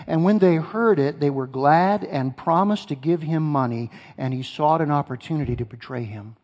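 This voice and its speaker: A man's voice: on the high side, moderate pace, darkish tone. A male pastor preaching a sermon, emphatic, repeating key phrases and asking his congregation questions. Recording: long hall reverb.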